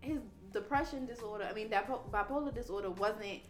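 A woman podcast host telling a story in casual, animated chat, swearing freely. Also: medium pitch, fairly quick, music in the background. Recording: roomy echo.

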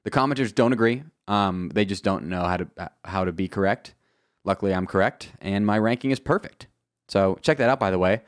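A man's voice: fairly low pitch, a little fast, no room sound, studio quality. A man hosting a podcast, giving casual commentary in a chatty, wry, self-assured way with lots of asides. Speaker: podcast host.

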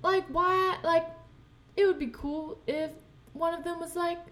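A woman's voice: very high voice, level tone, measured pace. A young woman co-hosting a casual chat, rambling and giggly, often breaking off mid-sentence. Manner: rambling, self-interrupting, giggly. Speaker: podcast co-host.

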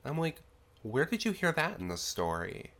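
Young man, podcast host, bright tense voice, chatty and sarcastic, stuffy from a sinus infection. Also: fairly high pitch, wildly swooping pitch, moderate pace. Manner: chatty, sarcastic, heavy use of "like". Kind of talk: casual horror film recap.

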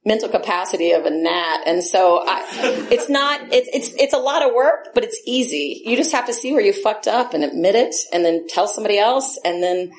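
A woman's voice: medium pitch, a little fast. A woman in her forties sharing her recovery story at a meeting, blunt and profane, laughing often as she talks into a handheld microphone. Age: 40s. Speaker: AA meeting speaker. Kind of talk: candid personal recovery share. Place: meeting room.

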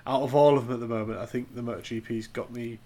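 A man's voice: medium pitch, fairly even intonation, fast, warm tone, slight background noise. A man co-hosting a casual podcast, talking in a laid-back, joking way. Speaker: podcast co-host. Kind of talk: casual chat.

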